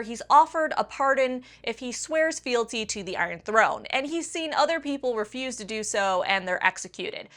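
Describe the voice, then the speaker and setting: A woman hosting a countdown video, talking excitably, swearing freely and acting out quotes. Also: a little high. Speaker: book video host. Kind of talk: enthusiastic countdown commentary.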